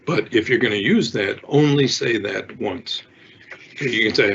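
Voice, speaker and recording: An older man, a parenting expert, gives conversational advice, answers viewer questions, and acts out little example dialogues. His voice is fairly low, a little slow, and a bit bright, with vocal fry. The recording sounds dull and lo-fi, with faint noise.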